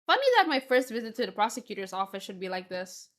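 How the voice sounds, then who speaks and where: A woman's voice: medium pitch, very animated, fast talker, a bit bright, pitched below the performer's own voice. Woman reading as a wry young lawyer. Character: young male defense attorney, dry and wry. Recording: game music behind.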